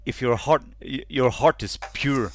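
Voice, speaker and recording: A man voicing a gentle, devoted female elf priestess who speaks softly and soothingly. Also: mid-range voice, measured pace, pitched above the performer's own voice. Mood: tender. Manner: soft, soothing.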